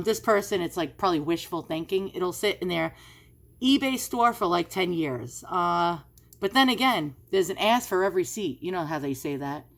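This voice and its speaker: Chatty New York woman, lowish voice. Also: pushed and bright. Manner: chatty, rambling, many fillers and asides. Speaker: antiques vlogger. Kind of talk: casual screen-share commentary.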